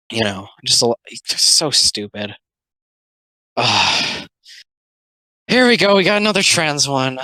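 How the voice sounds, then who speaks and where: A young adult video commentator speaking in casual, rambling comic commentary, full of "like" fillers and sarcastic asides, sometimes dropping into quick mocking character voices. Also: mid-range voice, pushed and bright, no room sound, poor audio.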